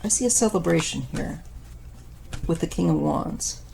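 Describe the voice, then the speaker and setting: A woman in her fifties giving a casual tarot reading, thoughtful and unhurried with many pauses, her voice wearing thin. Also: on the low side, expressive, vocal fry, warm tone, slight background noise. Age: 50s. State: losing her voice. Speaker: tarot reader.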